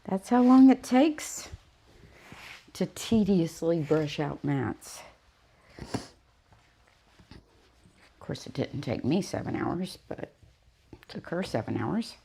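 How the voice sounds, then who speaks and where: Casting note: unhurried woman groomer with a low voice, chatty, acts out her clients. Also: lively intonation, gravelly, mellow, a little hiss or hum. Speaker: dog groomer. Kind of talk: casual talk while grooming on a livestream.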